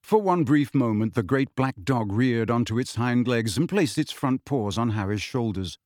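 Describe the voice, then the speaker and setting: A man giving expressive audiobook narration in a steady storytelling manner. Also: mid-range voice, normal speed, no echo, clean studio sound. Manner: steady storytelling with shifting character voices.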